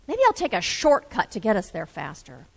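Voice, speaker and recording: A woman's voice: medium pitch, huge pitch swings, moderate pace, creaky, big-room sound, full character voice. A woman voicing an impatient, busy father who grumbles about traffic and delays in a told story. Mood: fuming. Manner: grumbling, exasperated.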